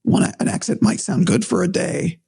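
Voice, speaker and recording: Hoarse, breathy man with high raspy voice. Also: moderate pace, dark tone, dry recording. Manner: thoughtful, hedging. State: hoarse after vocal cord surgery. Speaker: sports broadcaster. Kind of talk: casual podcast chat.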